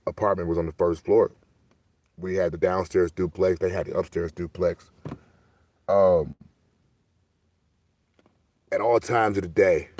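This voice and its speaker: A man from Milwaukee runs his stream and spins casual stories from his life. He talks in a loose, animated, profane way. His voice sits very low and sounds dry and close to the mic. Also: no room sound. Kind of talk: casual storytelling monologue.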